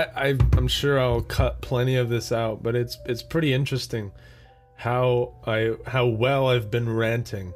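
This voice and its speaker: A young man talks on his own for a podcast, wandering from rant to rant and chuckling at his own jokes. His voice sits at an ordinary pitch for a man, with casual swearing throughout. Faint music plays underneath. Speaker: podcast host. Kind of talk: solo rambling podcast monologue.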